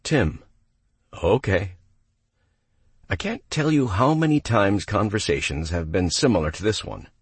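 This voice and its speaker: A man's voice: lowish voice, expressive, normal speed, few pauses, slightly rough, no echo. A man, a property manager, giving step-by-step instructional narration and acting out phone calls with an applicant. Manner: coaching, step-by-step explanations.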